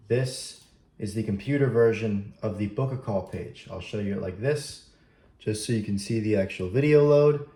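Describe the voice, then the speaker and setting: A man's voice: fairly low pitch, a little hiss or hum. A young man talking casually to the camera in a video diary, upbeat and rambling, with fillers, at his computer. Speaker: vlogger. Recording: echoey room.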